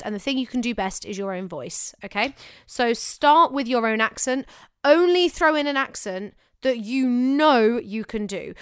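A woman's voice: on the high side, clear, resonant tone, no echo, clean studio sound. A young woman, an actor, chatting casually and animatedly as she gives advice on showreels. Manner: chatty, animated, self-correcting. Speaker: actor giving career advice.

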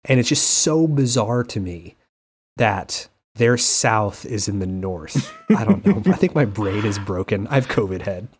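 A man chats on a podcast in a fairly low voice. He tells rambling stories with animated energy. He sometimes drops into quick accent impressions. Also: breathy edge. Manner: animated storytelling, slips into playful accent impressions. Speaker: podcast co-host. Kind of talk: casual chat.

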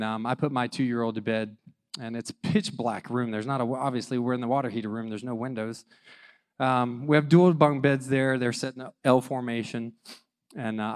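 With a smooth, medium-pitched voice, a man in his thirties acts out the dialogue of a personal story about parenting, staying animated and poking fun at himself.

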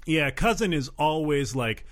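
A man's voice: fairly high pitch, expressive, unhurried, no echo. A man hosting a comedy podcast, chatting casually and making dry jokes. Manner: dry, joking. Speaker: podcast host.

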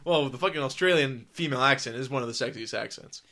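A man's voice: medium pitch, fast talker, bright, forceful tone. A man co-hosting a casual podcast, rambling and crude, laughing often. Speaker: podcast co-host.

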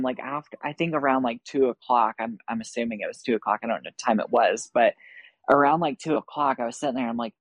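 A woman's voice: very deep voice, no room sound, poor audio. A woman on a podcast over a video call, telling a story casually with lots of swearing and acted-out dialogue. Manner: profane, animated, acts out quoted dialogue. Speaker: podcast guest.

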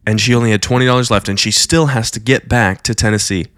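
Male storyteller preacher, mid pitch, dry close sound, animated retelling. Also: fast, no echo. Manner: animated, rising high when quoting the preacher's vision. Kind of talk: storytelling sermon.

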